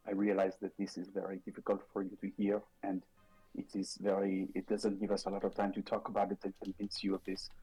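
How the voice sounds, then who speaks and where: A man playing an earnest male ally who persuades haltingly, full of pauses. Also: on the low side, mellow, breathy edge, poor audio.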